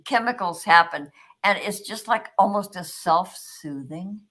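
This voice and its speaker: An older woman co-hosting a casual talk show, blunt and quick to swear. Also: mid-range voice, fairly bright tone. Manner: blunt and profane. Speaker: co-host. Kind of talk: casual chat.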